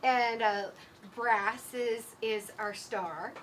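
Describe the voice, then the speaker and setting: A woman co-hosting a live podcast, cheerful and halting as she introduces a segment. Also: on the high side, steady tone, far from the mic, crowd noise. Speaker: podcast co-host.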